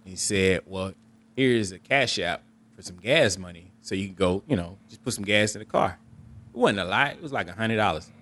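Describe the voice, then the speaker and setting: A young man with a low-pitched voice tells a personal story on his podcast in a candid, reflective way. He often repeats and restarts his words. He jumps up in pitch to act out his relatives. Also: normal speed, fairly bright tone. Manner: candid, reflective, acts out quoted family members with raised pitch. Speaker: podcast host.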